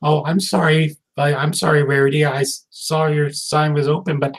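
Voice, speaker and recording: A man's voice: on the high side, flat delivery, moderate pace, lightly acted. A man doing a timid apologetic cartoon pony girl. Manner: hesitant, stammering, soft-spoken.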